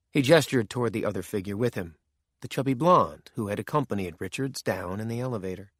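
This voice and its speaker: A man narrating a thriller audiobook in a measured, steady way, recorded on a close studio mic. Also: mid-range voice, no room sound.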